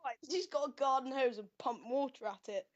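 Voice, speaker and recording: A woman co-hosting a casual podcast, chatting playfully with quick questions and jokes. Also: sits high, dull audio. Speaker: podcast co-host. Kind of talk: casual chat.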